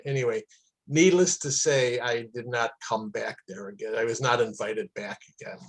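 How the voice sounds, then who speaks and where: A man teaches a class on kosher cooking, telling stories in a loose, chatty way. He often hesitates with fillers. His pitch sits in the middle range. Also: fairly even intonation, normal speed, rough recording. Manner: chatty, anecdotal, with many fillers. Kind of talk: casual storytelling lecture.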